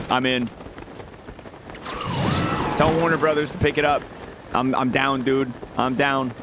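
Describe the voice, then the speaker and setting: Speaking a bit slowly and stopping often, a young man with a medium, fairly even voice chats loosely with viewers while streaming a game. Music plays behind him, along with background noise and clicking of a mouse.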